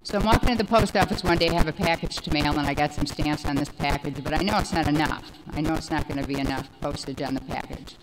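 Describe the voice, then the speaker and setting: A woman in her forties giving a personal recovery testimony, rambling and animated, with many fillers. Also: low voice, fast, few pauses, noisy background. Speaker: speaker sharing recovery story.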